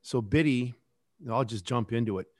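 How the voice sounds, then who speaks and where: A middle-aged man who makes a kids podcast speaks reflectively in a casual interview, his voice medium-pitched and his pace moderate. He rambles and restarts, and the recording is dry and studio quality.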